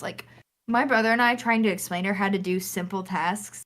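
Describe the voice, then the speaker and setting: A young woman co-hosting a gaming podcast, telling a lively story and acting out the lines. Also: mid-range voice, brisk. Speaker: podcast co-host. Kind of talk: casual chat.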